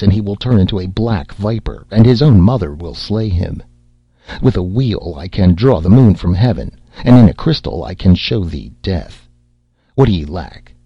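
Storybook witch, sly and secretive, a man reading her, low husky voice, dull lo-fi sound. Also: dry recording, full character voice. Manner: coaxing, muttering, secretive. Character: scheming sly female sea witch. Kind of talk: audiobook character reading. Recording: slightly dull lo-fi audio.

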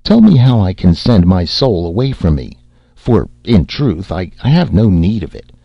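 A man's voice: deep voice, big pitch swings, normal speed, gravelly, no room sound, muffled recording, heavily acted. A man voicing a grieving young fisherman in love, pleading in earnest archaic speech.

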